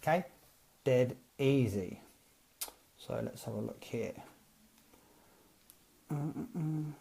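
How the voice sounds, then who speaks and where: A man coaching network marketers in a casual live stream, chatty and animated, acting out both sides of text chats. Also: mid-range voice, slow, gravelly. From Britain.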